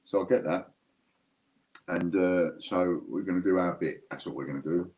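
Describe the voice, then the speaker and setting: A man's voice: low-pitched, normal speed, a little mellow, poor audio. A man hosting a live stream, chatting casually and jokingly straight to his viewers. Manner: rambling, jokey, talks straight to viewers.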